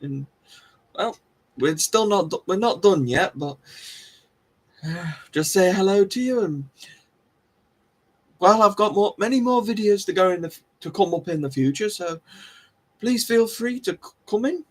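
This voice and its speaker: A man's voice: high-pitched, animated, a little slow, pauses often. A man hosting a live stream, chatting casually with viewers in a rambling, self-deprecating way. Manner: rambling, self-deprecating, restarts and laughs often. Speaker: livestream host.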